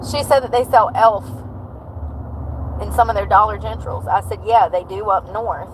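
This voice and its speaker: A woman's voice: medium pitch, normal speed, slight background noise, rough recording. A woman from North Carolina with a country twang, chatting to viewers on a live stream and telling a story from her day. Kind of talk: casual live-stream chat.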